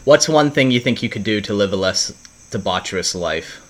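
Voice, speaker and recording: A man co-hosting a podcast in casual chat, laid-back and agreeable and quick to laugh. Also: fairly low pitch, animated. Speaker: podcast co-host.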